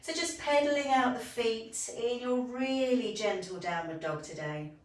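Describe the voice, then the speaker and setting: A woman teaching a bedtime yoga class, calmly cueing each breath and movement. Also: fairly high pitch, a little slow. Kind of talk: guided yoga instruction. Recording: echoey room, voice from a distance.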